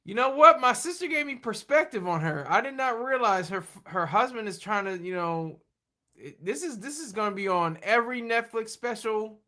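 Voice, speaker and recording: A man with a high, bright voice rambles through a casual live stream from home. He laughs often and trips over his words, restarting sentences as he goes, with a light, tense edge to his tone. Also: animated, moderate pace. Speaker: livestream host.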